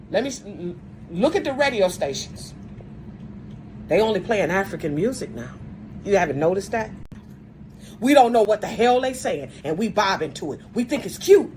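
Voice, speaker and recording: A woman's voice: medium pitch, big pitch swings, normal speed, a little mellow, slight background noise, poor audio. Emphatic woman lecturing her viewers. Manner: often opens phrases with "see" and "look". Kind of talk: casual monologue to viewers.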